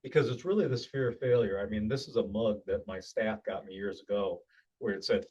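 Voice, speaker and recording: A man's voice: fairly low pitch, a little fast, darkish tone, husky, muffled recording. A middle-aged man giving a recorded sales training talk in a plainspoken, conversational way, often restarting his sentences.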